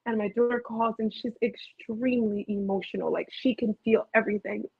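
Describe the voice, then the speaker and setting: A woman's voice: on the high side, steady tone, a little fast, vocal fry, husky, dry recording. A middle-aged woman hosting a rambling live motivational talk, chatty and prone to tangents, telling stories animatedly into her computer webcam at home. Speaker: motivational host. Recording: tinny phone-like dry audio.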